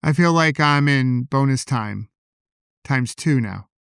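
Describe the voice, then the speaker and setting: A man hosting a solo podcast, talking in a calm, personal, reflective way into a podcast microphone. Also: medium pitch, takes it slowly, gravelly, smooth, no room sound, studio quality. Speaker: podcast host.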